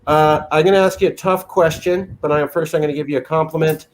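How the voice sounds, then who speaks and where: A man's voice: a little high, fairly even intonation, fast talker. Chatty joking male interview host. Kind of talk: casual interview chat.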